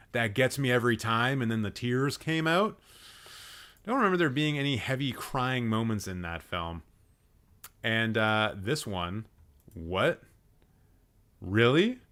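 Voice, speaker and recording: Sarcastic man roasting, lively and bright. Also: mid-range voice. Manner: exasperated, sarcastic, swears a lot. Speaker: livestream host. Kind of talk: live roast commentary.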